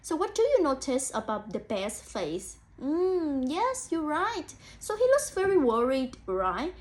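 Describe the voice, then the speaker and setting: A young woman student teacher reads a picture book aloud to children in a high-pitched, unhurried voice with big pitch swings. She thinks aloud encouragingly, addressing imagined kids and often saying "so" and "mm."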